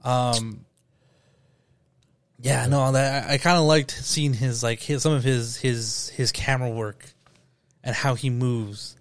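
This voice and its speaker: A man co-hosting a casual film podcast, eager and talkative, stumbling over repeated words as he gets excited. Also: medium pitch, takes it slowly, pauses often, no room sound. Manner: enthusiastic, stammering restarts, casual slang. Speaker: podcast co-host.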